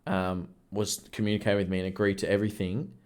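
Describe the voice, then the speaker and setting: This podcast co-host has a low, darkish voice, a flat delivery and a fast pace. In casual conversation he bluntly recounts work stories, swearing freely along the way.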